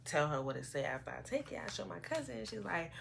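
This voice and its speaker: A woman in her early twenties telling an animated, rambling story on her vlog, often quoting herself. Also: on the low side, fast, gravelly, noisy background. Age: 20s. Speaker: vlogger. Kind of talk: casual storytime. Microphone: phone camera.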